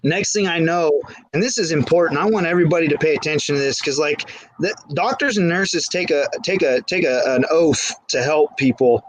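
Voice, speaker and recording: A man's voice: a little high, a little fast, no room sound, rough recording. Candid man telling a rambling story. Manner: candid, rambling, frequent restarts. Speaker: guest. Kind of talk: casual storytelling. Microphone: phone.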